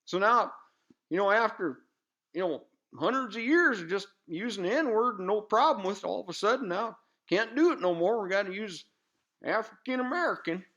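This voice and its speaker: A man playing a loud-mouthed, bigoted redneck commentator with a rural Southern US accent, rambling in a folksy drawl full of fillers on a comedy news show. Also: high voice, expressive, normal speed, lo-fi sound. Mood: ranting. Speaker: satirical news pundit. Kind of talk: comedic character monologue.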